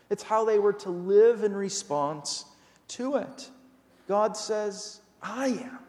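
A man's voice: high voice, darkish tone. A man preaching a sermon as pastor, earnest and emphatic, asking his listeners pointed rhetorical questions. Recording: long hall reverb.

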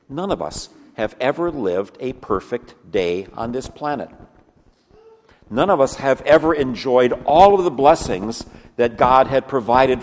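A man preaching a sermon in earnest, swinging from lively emphasis to hushed, low passages. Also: long reverb tail. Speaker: pastor.

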